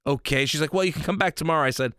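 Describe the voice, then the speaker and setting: Guy rambling thru a story, bright forceful voice, bit high, dry sound. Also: rapid-fire, no echo. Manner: rambling storyteller, animated, quotes himself. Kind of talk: casual chat.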